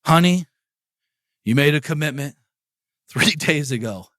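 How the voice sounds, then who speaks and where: A man briefly playing a hypocritical mother who coaxes her child with a sweet "honey" while excusing herself. The bright, dry voice stays close to his own. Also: a little high, lively intonation, unhurried, dry recording. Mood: coaxing.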